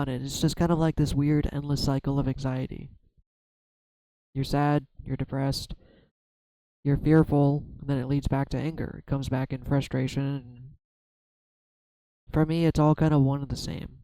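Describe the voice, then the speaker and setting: A man doing a solo tarot reading, talking slowly through his own fears and frustration with many restarts. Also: medium pitch, fairly even intonation, dark tone, clean tone, no room sound, low-quality recording. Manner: halting, self-searching, many restarts. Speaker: tarot reader. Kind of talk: reflective solo tarot vlog.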